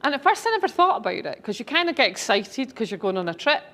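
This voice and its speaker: Enthusiastic, higher-voiced woman telling stories. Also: sing-song, fast talker, pushed and bright. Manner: enthusiastic, chatty anecdotal delivery. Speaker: speaker and author. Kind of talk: storytelling talk to an audience.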